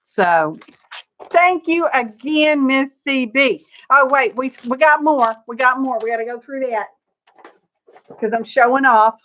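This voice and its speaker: A high, expressive voice with a fairly bright tone and measured pace belongs to an older woman hosting her craft channel live from her studio. Her show-and-tell is chatty and gushing, full of laughs and greetings to viewers by name.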